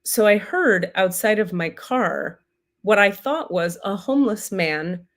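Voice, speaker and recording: Animated, profane woman telling a story. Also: medium pitch, unhurried. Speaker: spiritual teacher hosting a livestream. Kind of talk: comedic spiritual storytelling.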